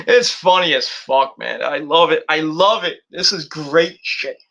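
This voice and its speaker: A man casually recapping a wrestling show in a vlog, animated and swearing freely as he acts out what people said. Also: fairly high pitch, a little slow, vocal fry.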